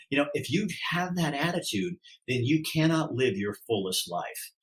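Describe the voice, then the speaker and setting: Animated man telling his story. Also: normal speed, rough recording. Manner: animated, acts out quoted voices, pitch swings widely. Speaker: podcast guest. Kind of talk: candid interview talk.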